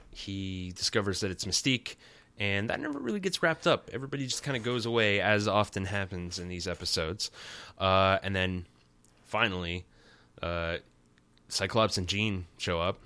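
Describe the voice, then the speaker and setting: A man's voice: low-pitched, bright, forceful tone, no echo. A man hosting a podcast, giving a casual comic recap with rambling, wry and sarcastic asides. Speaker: podcast host.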